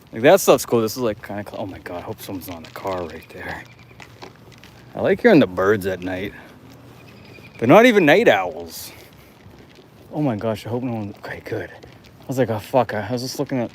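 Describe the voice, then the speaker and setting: A man's voice: fairly low pitch, a little hiss or hum. A man chatting loosely while he walks city streets at night on a live stream, rambling, laughing and swearing often. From United States. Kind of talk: casual walking livestream chat.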